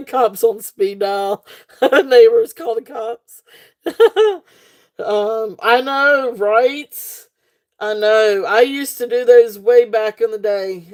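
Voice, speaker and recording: A woman with a drawl hosting a live jewelry sale, unhurried and rambling as she chats with her viewers. She giggles often. Her voice sits a touch high and she takes her time. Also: a little mellow. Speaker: live-stream jewelry seller. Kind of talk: casual live-stream selling chat. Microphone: desk setup, face off camera.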